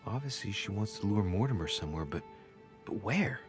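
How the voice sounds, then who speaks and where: A deep-voiced young nobleman, voiced by a man in a video game, speaking in measured, reserved lines. His voice sits very low yet rises and falls with wide swings. Game music plays underneath. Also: expressive, close to an everyday voice. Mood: serious. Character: young noble man investigating, calm and serious. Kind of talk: game dialogue.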